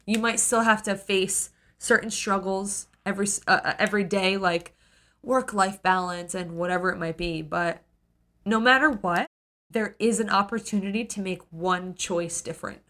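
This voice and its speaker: A woman co-hosting a podcast, retelling a novel in a lively, casual way and acting out the characters. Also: mid-range voice, normal speed. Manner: animated retelling, acts out characters, gets emotional. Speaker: podcast co-host. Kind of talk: casual book discussion.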